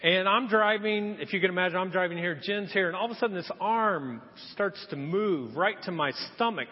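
A pastor with a high voice preaches fairly quickly in a church hall, telling a story and performing the voices of its characters. The sound is muffled, with a long hall reverb.

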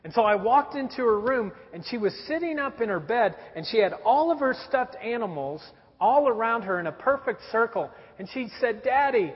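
A man in his thirties preaching a sermon, telling stories about his young children in a lively storytelling way. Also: very high-pitched, moderate pace, few pauses, husky. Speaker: pastor. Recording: dull recording in a reverberant hall.

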